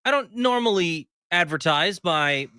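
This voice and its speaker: A man's voice: sits high, expressive, a little slow, pushed and bright, smooth, dry recording, studio quality. A male radio co-host in easygoing, casual banter, explaining a small win.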